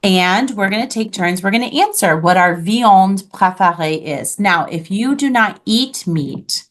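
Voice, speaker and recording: A woman teaches a beginners' French class online, patiently and clearly modeling each word's pronunciation for her students. Her voice is medium in pitch and expressive, with a measured pace.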